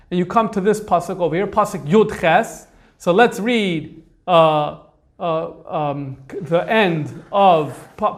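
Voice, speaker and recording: High-voiced man lecturing with many fillers. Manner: conversational, thinks aloud with frequent fillers. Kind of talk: informal lecture on manuscripts.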